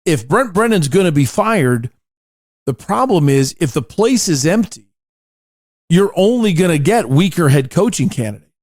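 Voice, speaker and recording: A man's voice: fairly high pitch, big pitch swings, moderate pace, a little mellow, dry recording, studio quality. A man hosting a sports talk podcast, chatting casually and reading listener emails with jokey, opinionated asides.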